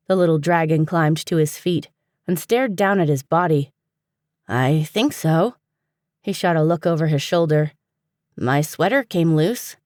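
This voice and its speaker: A woman narrating a fantasy audiobook in a steady, even storytelling manner, recorded on a close studio mic. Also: deep voice, no echo. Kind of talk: scripted narration.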